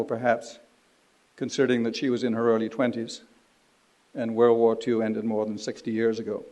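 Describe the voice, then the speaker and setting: A man in his seventies from Canada, giving a formal ceremonial speech at a podium in a measured, dignified way. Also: mid-range voice, darkish tone, low-quality recording. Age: 70s. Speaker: ceremony speaker. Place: university ceremony hall.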